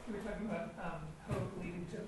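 A hoarse man from the audience, speaking in a hesitant, thoughtful way. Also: high voice, fairly even intonation, quick pace. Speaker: audience member. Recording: very echoey hall, far off, noisy.

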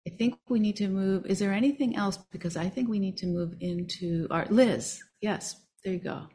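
A woman's voice: medium pitch, normal speed, mellow. A woman meditation teacher leading a group discussion, enthusiastic and affirming.

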